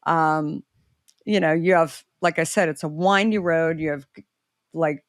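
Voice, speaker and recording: Recorded in clean studio sound with no echo, a middle-aged entrepreneur speaks a little slowly while telling a story as a guest in casual conversation. She's animated, acting out quoted voices through pitch leaps.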